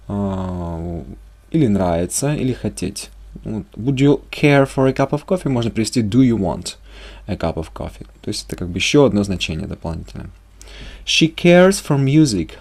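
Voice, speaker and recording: Man teaching with a lively voice. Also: fairly low pitch. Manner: reads example sentences slowly, explains quickly in Russian. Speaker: English teacher. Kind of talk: bilingual language lesson.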